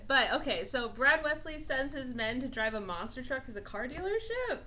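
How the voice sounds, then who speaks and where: A woman co-hosting a podcast, chiming in with quick reactions and questions. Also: high-pitched, big pitch swings, bright, forceful tone. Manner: reactive listener, quick interjections. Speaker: podcast co-host. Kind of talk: casual chat.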